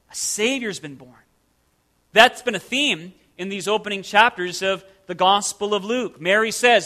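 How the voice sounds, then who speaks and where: A pastor preaches in a clear, bright, forward-sounding man's voice. He takes his time, leaning hard on single words and putting questions to his listeners. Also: sits high, lively intonation, slow. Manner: emphatic, stressing single words and asking rhetorical questions. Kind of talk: sermon.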